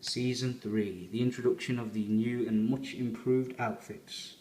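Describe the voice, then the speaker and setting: A man's voice: mid-range voice, level tone, a little slow, darkish tone, roomy sound, slight background noise. A man giving a rambling, chatty fan review as he unboxes a collector's set.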